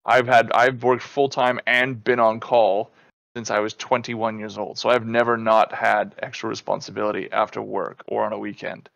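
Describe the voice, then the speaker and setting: A man's voice: fairly low pitch, vocal fry, no room sound. A man in his thirties co-hosting a casual podcast chat, telling stories with lots of swearing and acting out what people said. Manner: animated storyteller, swears freely, acts out quotes. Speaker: podcast co-host.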